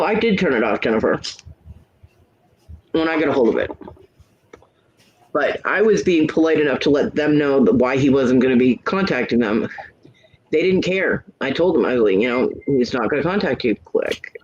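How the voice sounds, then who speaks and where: A man's voice: mid-range voice, animated, normal speed, husky, muffled recording. A man telling a story in casual chat, frank and blunt, acting out both sides of the arguments he describes. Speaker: hangout host.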